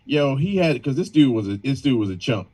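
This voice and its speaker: A man's voice: medium pitch, a little fast, rough recording. A man telling wild work stories on a video call in casual slang, mimicking people he talks about. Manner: animated, slangy, mimics people in exaggerated voices. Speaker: band member.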